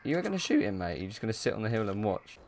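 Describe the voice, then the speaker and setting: A man's voice: fast, noisy background. A man hosting a gaming session, bantering and teasing his friends in casual chat. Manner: teasing, banter-heavy, lively pitch. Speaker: gaming channel host.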